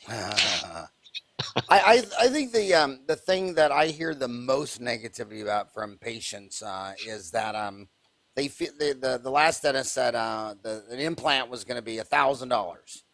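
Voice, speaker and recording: A man hosting an interview podcast, asking animated questions and repeating words as he gets started. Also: medium pitch, unhurried, no echo. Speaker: podcast host. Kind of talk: conversational interview.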